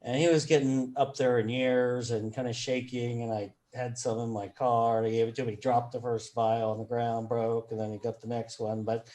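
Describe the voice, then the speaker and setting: A man hosting an interview, talking in a relaxed, chatty way and laughing often. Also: mid-range voice, normal speed, few pauses. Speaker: podcast host. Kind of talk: casual interview chat.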